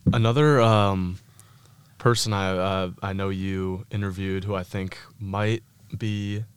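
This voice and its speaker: A young man co-hosting a sports podcast, asking a halting question with fillers. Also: low voice, fairly even intonation, clear, resonant tone. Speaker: podcast co-host. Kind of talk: interview question.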